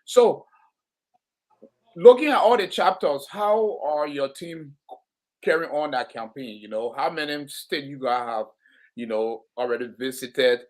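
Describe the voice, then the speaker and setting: A man's voice: a little high, a little mellow. Male community talk show host, stop-start delivery full of fillers. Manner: halting, many fillers and restarts.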